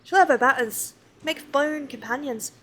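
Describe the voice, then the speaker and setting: A woman's voice: high voice, normal speed, a bit bright. A woman voicing a chatty, fond old pirate crewmate in a salty sailor's dialect while reading game dialogue aloud. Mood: wistful.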